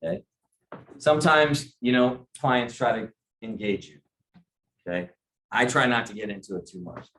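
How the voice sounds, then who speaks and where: A man's voice: lowish voice, moderate pace, pauses often, a bit bright, slight background noise. Chatty man teaching a sales class. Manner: conversational, asks the audience questions. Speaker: sales trainer. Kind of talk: training talk to a group.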